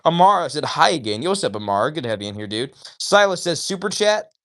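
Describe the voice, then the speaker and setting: A man hosts a casual livestream, speaking in a voice a little higher than most men's. He is chatty and upbeat, reads viewers' comments aloud and greets them by name. The sound comes through a phone microphone. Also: sing-song, fast talker, a bit bright. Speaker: livestream host reading chat.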